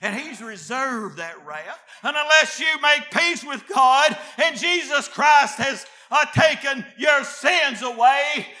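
A man preaching a fiery sermon, reading scripture quietly, then shouting his exhortations. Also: very high voice, lively intonation, slow, few pauses.

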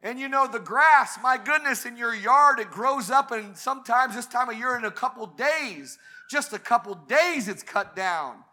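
High, bright-voiced man preaching fervently. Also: lively intonation, moderate pace. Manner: fervent preaching, swelling to emphatic peaks. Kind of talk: sermon. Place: church service.

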